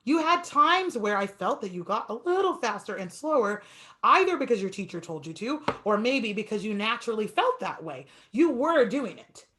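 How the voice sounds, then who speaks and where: A woman piano teacher giving a masterclass, talking fast and stretching words for emphasis. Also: a little high, big pitch swings, fairly bright tone.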